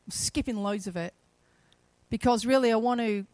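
A woman preaching a sermon, retelling a story with shifts from quiet to loud, emphatic passages. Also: fairly high pitch, moderate pace, no echo.

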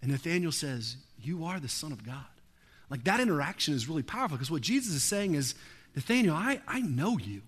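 A man with a high, bright voice preaches a sermon. He talks in an earnest, conversational way with casual asides, then presses hard on key phrases. His tone stays clear and forward. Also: very animated, a little fast. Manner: earnest, building from hushed to emphatic; casual filler "like" and "right". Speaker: pastor.

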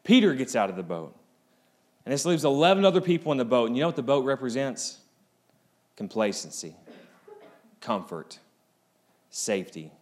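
A man preaching a sermon as pastor, swinging between loud, rising appeals and quiet, low asides.

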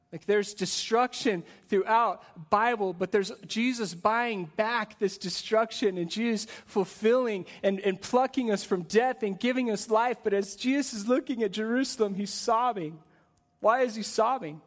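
A man with a high-pitched voice preaches a conversational sermon, stacking one rhetorical question on another. On the weighty points he drops to a soft, slow delivery. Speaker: pastor.

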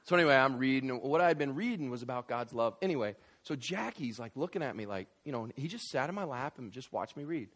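Animated man preaching a sermon. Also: fast talker, few pauses. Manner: animated preaching with big swings in loudness and pitch; conversational, with frequent fillers and asides. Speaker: visiting pastor.

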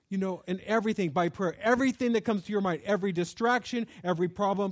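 Impassioned high-voiced male preacher. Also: fast talker, few pauses. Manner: impassioned preaching, rising into prayer. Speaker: pastor. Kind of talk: sermon.

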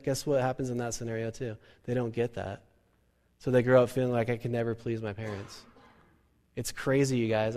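A man preaching a sermon as a pastor, animated and joking, now and then acting out quoted parents and kids. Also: medium pitch. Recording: reverberant hall.

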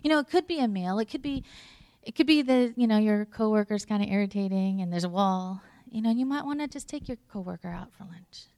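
A woman's voice: medium pitch, expressive, brisk, a little mellow, no room sound. Conversational woman preaching, dry close sound. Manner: conversational, many fillers and restarts; drops to a near whisper at tender moments. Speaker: pastor. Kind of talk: sermon with personal story.

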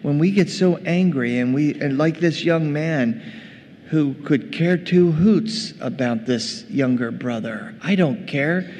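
A man's voice: fairly high pitch, takes it slowly, a little mellow, dull audio. Conversational male preacher in a reverberant church. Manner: conversational, addresses the congregation as gang. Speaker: pastor. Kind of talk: sermon. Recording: long reverb, faint noise.

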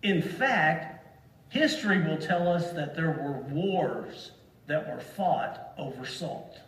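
Slow, deliberate preacher in echoey hall. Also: male voice, a little high, animated, fairly bright tone, recorded from a distance. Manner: slow and deliberate, stressing single words. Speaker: pastor. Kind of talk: sermon. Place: church sanctuary.

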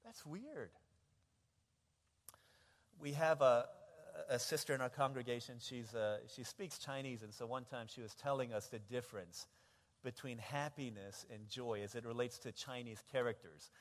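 A man preaching a sermon, telling stories in an animated way and acting out voices, swinging from hushed to loud. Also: mid-range voice, moderate pace, long reverb tail. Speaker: pastor.

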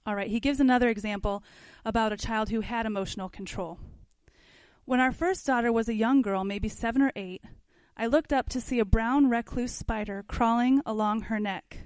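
Higher-voiced woman reading a parenting text. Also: moderate pace, a little mellow, no room sound. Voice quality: conversational, asks the class questions. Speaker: parenting class teacher. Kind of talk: reading aloud from a book and commenting.

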